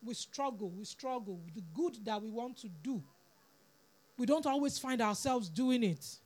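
A woman's voice: a little high, animated, normal speed, a little mellow. A woman preaching a sermon, earnest and pleading, repeating words for emphasis.

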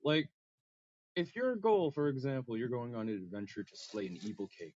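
A man's voice: medium pitch, moderate pace, no room sound, muffled recording. A man co-hosting a podcast in casual chat, telling stories and laughing often. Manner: laughs often, lively storytelling. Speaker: podcast co-host.

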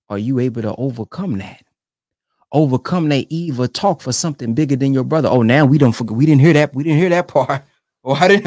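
A man giving casual commentary on speech clips, animated and colloquial, repeating phrases for emphasis. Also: mid-range voice, dry recording, clean studio sound.

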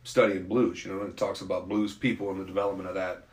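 A man with a slightly low voice chats in a loose, rambling, opinionated way. His voice carries a roomy echo, as if recorded in an open room. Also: little pitch movement, quick pace. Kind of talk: casual conversation.

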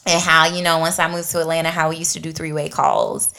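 A woman's voice: low voice, level tone, fast talker, creaky, sharp tone. Chatty woman podcast host. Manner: conversational, frequent "you know what I mean". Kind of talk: casual faith chat.

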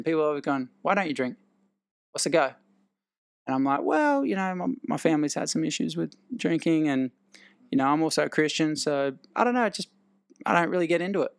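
Gravelly Australian man telling stories. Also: fairly high pitch. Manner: animated, acts out quoted dialogue, laughs between lines. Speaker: actor and guest. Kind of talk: casual storytelling.

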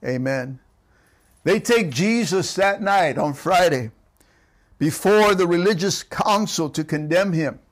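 A high-pitched male pastor preaching a streamed sermon. He exhorts his congregation, asking them again and again to respond and say amen, and retells the story with emphatic repetition. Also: expressive, slow. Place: church service streamed online.

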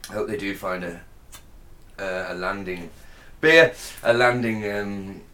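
A man's voice: on the low side, a little slow, pushed and bright. A British man co-hosting a podcast, playful and cheeky, laughing a lot and trailing off mid-thought. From Britain. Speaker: podcast co-host. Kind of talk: casual banter.

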